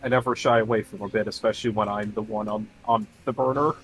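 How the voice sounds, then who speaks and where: A man chatting as a guest on a stream, calm and deadpan in his delivery. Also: fairly low pitch, quick pace, faint music behind, poor audio. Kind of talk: casual chat.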